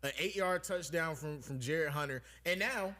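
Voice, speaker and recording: A man co-hosting a sports stream, excitable and chatty, making asides to viewers in the comments. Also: on the high side, normal speed. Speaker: football commentator. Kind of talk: casual sports chat.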